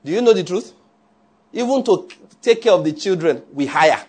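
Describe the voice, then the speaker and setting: A man's voice: high voice, expressive, normal speed, darkish tone. A man preaching a conversational sermon, often checking that listeners follow.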